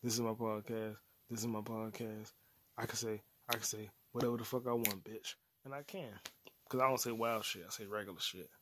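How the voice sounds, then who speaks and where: Over a noisy background, a man in his late twenties hosts his podcast alone, speaking fairly quickly in a low, steady tone. The episode is a loose, rambling rant packed with profanity and slang.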